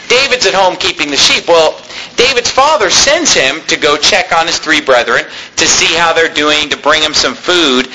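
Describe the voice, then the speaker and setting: A man's voice: high-pitched, bright, forceful tone, a little hiss or hum, poor audio. A man preaching a sermon, reading scripture aloud and then explaining it in plain, emphatic words.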